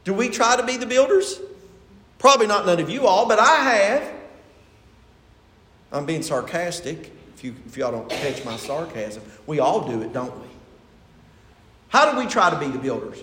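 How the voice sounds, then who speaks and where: Animated high-voiced preacher. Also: male voice. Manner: preaching with rising emphasis and rhetorical questions to the congregation. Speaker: pastor. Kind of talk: sermon. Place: church sanctuary. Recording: echoey church hall.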